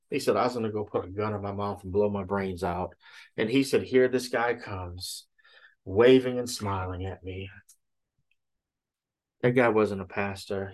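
A man preaching a sermon who retells a story with frequent "he said" tags and checks in with "okay?". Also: medium pitch. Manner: retells a story with many "he said" tags, then teaches from scripture. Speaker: pastor.

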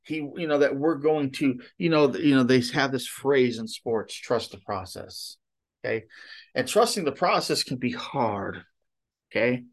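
A man's voice: mid-range voice, animated, moderate pace. A man preaching a sermon in a conversational, rambling way, often stopping for "you know" and "okay?".

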